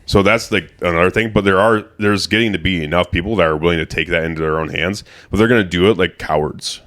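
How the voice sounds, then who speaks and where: A man's voice: low-pitched, fast talker, fairly bright tone. A man co-hosting a podcast in casual political chat, talking emphatically and swearing freely. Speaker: podcast co-host.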